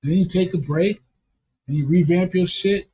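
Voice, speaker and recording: A man who talks low and soft in a flat, monotone way, riffing crude jokes in casual banter. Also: normal speed, a little hiss or hum. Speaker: comedic podcast co-host. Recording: dull lo-fi recording.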